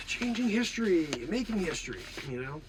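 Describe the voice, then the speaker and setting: A man hosting an improvised comedy stream, sounding a bit hoarse, swinging from mock-outraged shouting to low muttering. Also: sing-song, normal speed, noisy background. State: hoarse, losing his voice.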